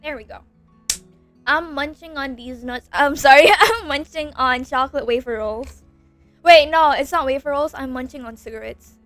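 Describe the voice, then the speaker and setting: A woman's voice: high voice, moderate pace, a bit bright, soft background music. A young woman streamer chatting casually into a close desk mic while snacking, giggly and rambling, repeating herself when flustered. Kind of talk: casual livestream chat while eating.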